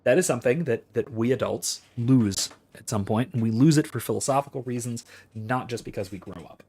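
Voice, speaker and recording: A man's voice: medium pitch, brisk, darkish tone, breathy edge. A man in his thirties, a streamer talking through philosophy in a casual, rambling way as he thinks aloud and answers chat.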